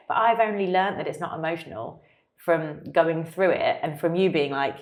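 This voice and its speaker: A chatty woman in her thirties co-hosts a casual talk. Her voice sits low for a woman, and she often breaks off mid-thought or slips in a laugh. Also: normal speed. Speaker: podcast co-host. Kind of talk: casual chat.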